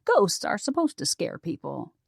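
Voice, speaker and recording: A woman's voice: mid-range voice, huge pitch swings, normal speed, gravelly, husky, no room sound, studio quality, voice pushed up, full character voice. Woman reading a teasing old grandmother ghost. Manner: chatty, dramatic, stretches out the big moment. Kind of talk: audiobook character voice.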